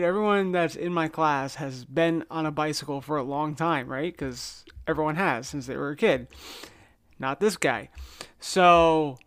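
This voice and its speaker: A man spins a personal story for his podcast audience with a smooth, clear voice pitched a little high. He slips in and out of acted quotes, swears casually and laughs at himself along the way. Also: a bit bright. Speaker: podcast host.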